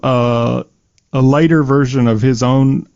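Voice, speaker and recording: A man co-hosting a podcast, making dry, measured remarks in casual chat. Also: mid-range voice, fairly even intonation, gravelly, darkish tone, no echo. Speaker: podcast co-host. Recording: dry, dull lo-fi sound.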